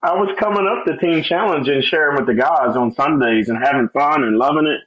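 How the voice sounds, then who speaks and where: A middle-aged man telling his life story in a casual, animated way, acting out the people he quotes and laughing often. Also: a little high, brisk. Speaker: guest sharing testimony. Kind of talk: conversational testimony. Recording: slightly dull, lo-fi sound.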